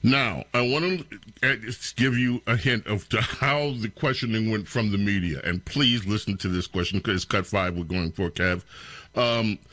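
Bright-voiced sarcastic talk radio host. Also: male voice, on the low side, normal speed. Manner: sarcastic, animated, incredulous.

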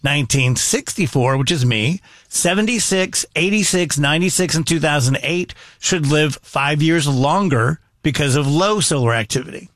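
A man in his fifties co-hosting, sharing odd facts with a dry, deadpan humor. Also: fairly high pitch, moderate pace, hardly any pauses, dry recording. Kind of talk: casual radio banter.

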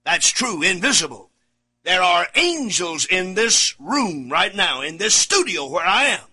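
A man preaching alone in a studio, reading scripture verses aloud, repeating key words and swinging from shouted emphasis to low asides. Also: very animated, unhurried, husky.

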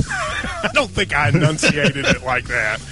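Chatty higher-voiced male radio host. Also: wildly swooping pitch, unhurried, music in the background. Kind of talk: casual sports radio banter.

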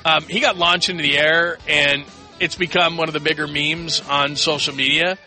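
A man's voice: a little high, fairly even intonation, normal speed, pushed and bright, soft background music. A man hosting a late-night sports radio show from a studio, chatting loosely with plenty of fillers and restarts. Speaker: radio sports talk host.

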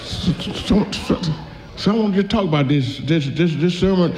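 A man preaching a sermon in a folksy way, reading scripture slowly and then rushing through his asides. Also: sits high, animated, a little mellow. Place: church. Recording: echoey hall, dull lo-fi sound.

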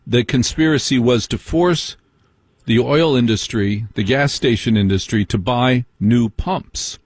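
Male late-night radio host, husky, dry close studio mic, chatty and joking with callers. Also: medium pitch, unhurried, no echo. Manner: chatty, joking, asides and laughs. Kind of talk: casual call-in radio chat.

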